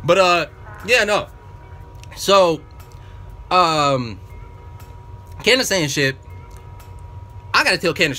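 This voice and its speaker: A man's voice: high voice, expressive, slow, long pauses, bright, forceful tone, faint music behind. A man telling a workplace story as a profane, exasperated casual rant, full of slang. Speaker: vlogger.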